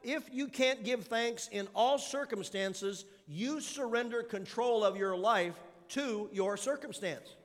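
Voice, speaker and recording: A man with a high voice preaches a sermon, working through numbered points and tossing questions out to the congregation. His voice rings with the long reverb of a big church hall. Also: slow, hardly any pauses. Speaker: pastor. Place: large church auditorium.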